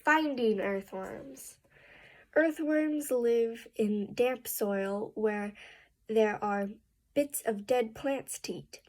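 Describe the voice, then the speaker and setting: A woman reading a book aloud slowly and carefully, with restarts and a rising pitch at sentence ends. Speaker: reading student.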